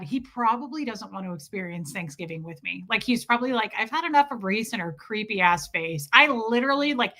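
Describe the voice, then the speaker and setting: A young woman livestreaming, telling a story in casual chat and acting out what people said, often breaking into laughter. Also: on the high side. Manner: animated, acts out quotes with laughs.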